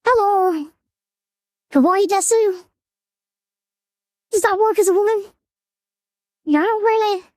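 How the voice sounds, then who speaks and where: A man's voice: very high voice, slow pace, pauses often, darkish tone, no room sound, clean studio sound, voice pushed up. A man using a voice changer to sound like a cute anime girl, joking while he tests it. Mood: playful. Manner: jokey, testing the voice changer.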